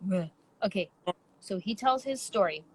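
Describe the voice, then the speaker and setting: A woman in her thirties hosting a podcast, telling a story in casual chat with emphatic, animated delivery. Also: medium pitch, normal speed, breathy edge, rough recording. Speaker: podcast host.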